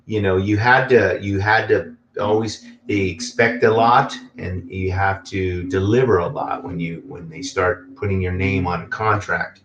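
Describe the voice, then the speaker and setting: A man's voice: deep voice, steady tone, measured pace, few pauses, echoey room, muffled recording, background noise. A man who is a guest musician, chatting casually in an interview over a video call, rambling with lots of fillers.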